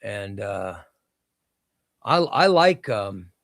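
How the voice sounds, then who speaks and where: A man's voice: fairly low pitch, sing-song, extremely slow, a bit bright, no room sound. A man hosting a casual comic book livestream from home, rambling and restarting sentences as he answers viewer comments. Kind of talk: casual live-stream chat. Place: home room.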